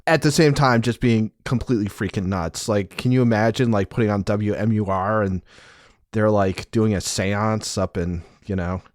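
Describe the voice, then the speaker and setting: आदमी, सामान्य आवाज़, घुमावदार बातें, सूखी रिकॉर्डिंग. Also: male voice, fairly low pitch, moderate pace, darkish tone, no echo, clean studio sound. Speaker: podcast co-host. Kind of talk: casual chat.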